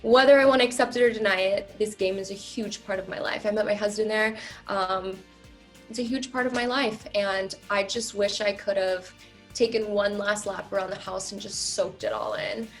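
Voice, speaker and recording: A woman's voice: mid-range voice, steady tone, moderate pace, soft background music. Candid woman in her thirties, emphatic. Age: 30s. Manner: candid, emphatic, many "um" fillers. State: emotional, near tears. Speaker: reality show contestant. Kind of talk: interview answers.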